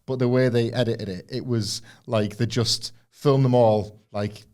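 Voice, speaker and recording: Podcast guy rambling away, super animated, keeps doing little voices. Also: medium pitch, a little slow. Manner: animated, rambling, acts out people's lines. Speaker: podcast co-host. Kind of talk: casual wrestling recap chat.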